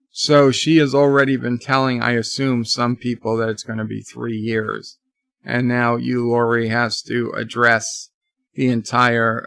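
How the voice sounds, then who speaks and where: A man's voice: medium pitch, creaky, bright, forceful tone, no room sound. A man giving a casual, rambling live review of a TV episode, with many restarts, retelling scenes. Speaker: YouTube TV reviewer.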